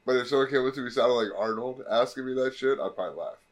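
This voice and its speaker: A man's voice: medium pitch, racing. A man co-hosting a podcast, laid-back and profane in casual chat. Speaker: podcast co-host.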